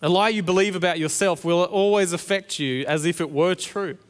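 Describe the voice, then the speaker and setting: A man's voice: high voice, brisk. A man, preaching a sermon and telling a family story, acting out the playful quotes. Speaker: pastor. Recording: long hall reverb.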